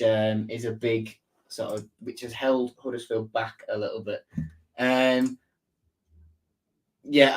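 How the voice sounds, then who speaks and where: A man hosting a casual live-stream football match preview, chatting and reading out viewer comments as he answers them. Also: medium pitch. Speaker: football fan channel host.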